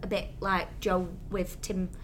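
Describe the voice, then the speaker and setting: A woman's voice: on the low side, little pitch movement, measured pace, fairly bright tone, a little hiss or hum. A young woman with a Lancashire accent, a sports reporter chatting and teasing on a podcast. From Lancashire, England. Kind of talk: casual chat.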